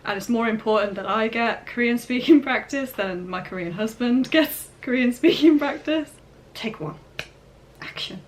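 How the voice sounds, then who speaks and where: A young woman hosting a language-learning vlog, chatting casually as she breaks down phrases, sounds out words slowly and laughs often. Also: on the high side. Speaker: vlog host learning Korean. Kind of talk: casual explaining of phrases and line-reading.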